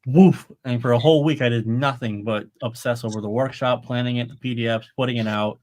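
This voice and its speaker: A man's voice: mid-range voice, fairly even intonation, brisk, a little mellow, slight background noise. A middle-aged man talking casually on a live stream, rambling and swearing freely. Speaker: podcast co-host. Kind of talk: casual chat.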